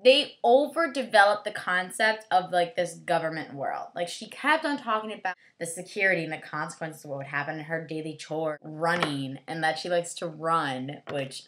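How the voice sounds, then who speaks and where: A woman's voice: low voice, expressive, moderate pace, few pauses, a bit bright. A young woman giving a rambling, sarcastic book review, full of "like" fillers. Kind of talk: casual vlog book review.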